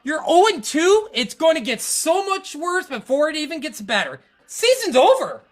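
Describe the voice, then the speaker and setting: Very animated and high-voiced, the podcast host keeps a moderate pace. Her casual sports rant about her football team is full of frustration, with rambling and stammered restarts.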